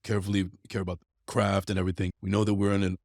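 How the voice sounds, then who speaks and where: A man hosting a sports podcast, his voice low and his speech rapid. He keeps the chat moving in a quick, conversational way and laughs along. The close studio mic sounds dry. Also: flat delivery, creaky, a little mellow, dry recording. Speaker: podcast host.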